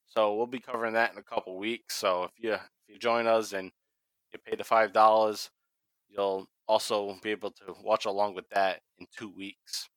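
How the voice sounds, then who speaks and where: A man's voice: lowish voice, level tone, moderate pace, dry recording. A man from Massachusetts with a Boston accent, hosting a casual wrestling podcast, swearing freely and laughing often. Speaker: podcast host.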